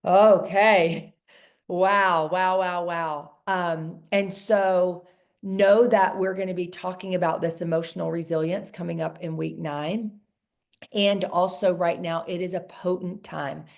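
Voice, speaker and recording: A woman's voice: fairly low pitch, steady tone, unhurried, gravelly. A woman coaching a group of women on a video call, earnest and encouraging, often repeating phrases for emphasis. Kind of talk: casual coaching talk.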